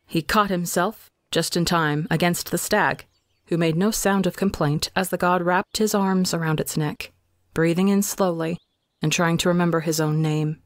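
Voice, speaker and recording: A man reading a fan story aloud in calm, measured narration. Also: a little high, dry recording, studio quality. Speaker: fanfiction reader. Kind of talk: scripted narration.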